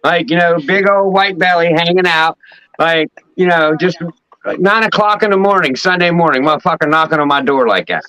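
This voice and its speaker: A man with a high, bright voice tells stories with plenty of profanity and loose asides. He sounds like a casual talk show host from Pennsylvania. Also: steady tone, a little fast, dry recording, low-quality recording. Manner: profane, rambling storyteller. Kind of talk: casual chat, storytelling.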